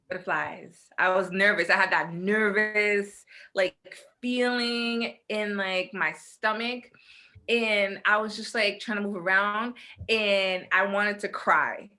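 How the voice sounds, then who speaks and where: Chatting casually on her podcast, this young co-host tells a story with animation and performs other people's lines. She has a bright, forceful, mid-range voice and speaks slowly.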